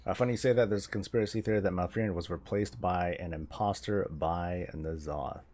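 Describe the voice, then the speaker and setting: A man's voice: low voice, a little fast, darkish tone. A man chatting casually on a game stream, rambling and joking, laughing often between thoughts, speaking into a desk mic. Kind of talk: casual stream chat while gaming.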